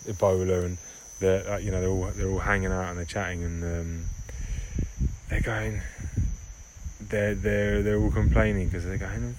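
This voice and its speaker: A man hosting a solo podcast, talking in a rambling, halting monologue and often correcting himself. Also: deep voice, fairly even intonation. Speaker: podcast host. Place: home in Barbados. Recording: home recording with clear background noise.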